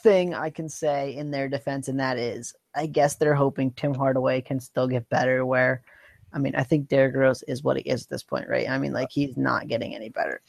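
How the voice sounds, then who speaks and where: A man co-hosting a sports podcast, easygoing and teasing. His voice is mid-pitched and sounds dry and close to the mic. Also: a little fast, creaky, dry recording. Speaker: podcast co-host. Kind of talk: casual sports chat.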